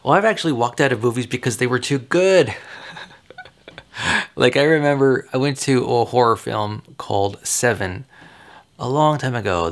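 Low gravelly father chatting to camera. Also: a bit bright. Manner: rambling, chuckles often, self-correcting. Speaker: father giving advice. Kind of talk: casual direct-to-camera chat.

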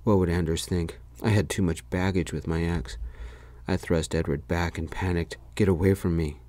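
A man narrates a first-person story in a soft-spoken hush, in whispered role-play. His voice is very deep. The close mic gives a dry sound with no room in it. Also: little pitch movement, moderate pace, no echo.

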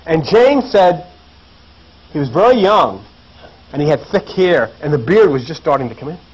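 A man's voice: a little high, big pitch swings, normal speed, slightly rough, poor audio. A man giving a preachy lecture to an audience, building his points with repeated phrases and rhetorical questions. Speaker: lecturer on religion and mythology.

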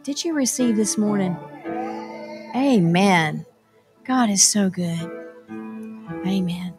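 A woman hosting the close of a church service, thanking the preacher and viewers with slow words of praise. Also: medium pitch, over music. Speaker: church host closing the service. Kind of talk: closing remarks of a service.

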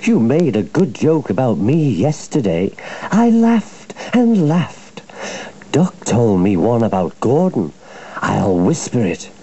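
A man's voice: mid-range voice, sing-song, slow, dark tone, husky, full character voice, rough recording. A man voicing a sly, scheming male diesel engine in an oily, fawning way for a storybook reading. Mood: sneering.

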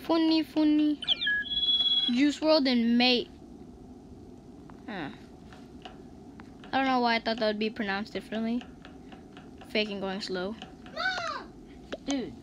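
A woman giving casual gameplay commentary, chatting and reacting out loud to each round as the channel's host. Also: on the high side, fairly even intonation, unhurried, pauses often. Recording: noisy home recording.

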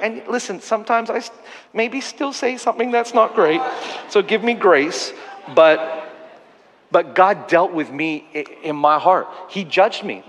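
A man's voice: a little high, a bit bright, in a large hall. A man preaching a sermon as a pastor, earnestly telling stories with self-deprecating humor. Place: church auditorium.

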